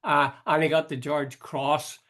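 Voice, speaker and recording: A man's voice: fairly high pitch, flat delivery, measured pace, fairly bright tone. An older man, hosting a casual political chat, wry and questioning, thinking aloud with frequent restarts. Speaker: host.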